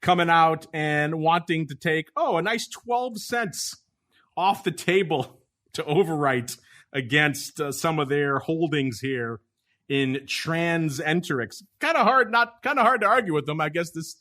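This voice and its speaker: A man's voice: a little high, lively intonation, a little slow, pushed and bright. Playful, teasing male podcast host. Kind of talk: casual chat.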